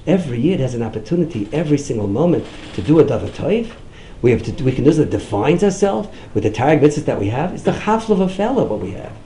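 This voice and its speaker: A middle-aged man, a rabbi, giving a storytelling sermon, jumping up high whenever he quotes someone. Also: fast talker, roomy sound, slight background noise, poor audio. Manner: animated, swings up high when quoting others. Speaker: rabbi giving a talk on outreach.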